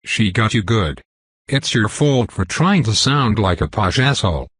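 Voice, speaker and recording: A man's voice: fairly low pitch, expressive, unhurried, fairly bright tone, slightly rough, dry recording, exaggerated voice. A man voicing a crude, blustering male council elder who talks in a coarse, scolding way.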